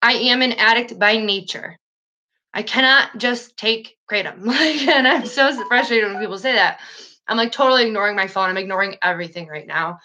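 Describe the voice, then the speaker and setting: A woman's voice: a little high, brisk, sharp tone, muffled recording. A woman live-streaming an emotional monologue, upset and sad, swearing, trailing off and restarting her sentences. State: sad and agitated.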